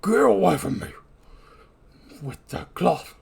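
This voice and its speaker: A man voicing an enraged, grieving police lieutenant who shouts in anguished outbursts. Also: sits high, big pitch swings, slow, vocal fry, breathy edge, pitched above the performer's own voice, full character voice. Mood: snarling.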